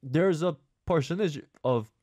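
A man co-hosting a podcast, earnest and halting, restarting his words in casual chat. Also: fairly high pitch, dark tone, no echo.

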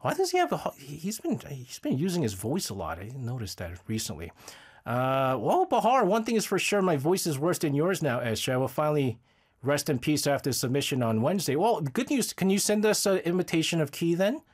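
A man's voice: a little high, animated, fairly quick, breathy edge. A man hosting a radio show, chatting casually and rambling while reading listener messages, often laughing. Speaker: radio host.

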